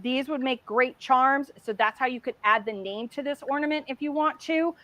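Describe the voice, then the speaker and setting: A middle-aged woman hosting a casual craft livestream, chatty and excitable as she demonstrates while talking. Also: high-pitched, normal speed, dry recording.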